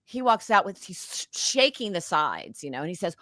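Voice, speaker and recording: An animated woman with a slightly low voice tells an emotional personal story as an interview guest. She recounts it dramatically. The sound is close and dry. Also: moderate pace, hardly any pauses, no room sound. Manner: animated, dramatic, acts out past conversations. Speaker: guest, actress and author.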